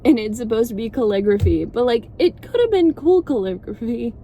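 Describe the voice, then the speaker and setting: A woman's voice: a little high, animated, brisk, mellow, a little hiss or hum. A woman vlogger rambling through a sarcastic, swear-filled casual movie recap.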